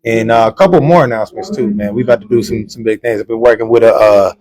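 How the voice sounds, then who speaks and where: A man's voice: on the low side, quick pace. A man who raps and produces, answering interview questions backstage at a live show in a laid-back, slangy way. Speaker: rapper and producer.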